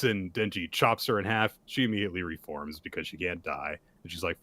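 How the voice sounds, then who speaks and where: Low-pitched guy chatting about manga on a podcast, animated, dry close sound. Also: brisk, hardly any pauses, no echo. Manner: animated, acts out character lines with laughter. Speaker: podcast co-host. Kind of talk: casual manga recap chat.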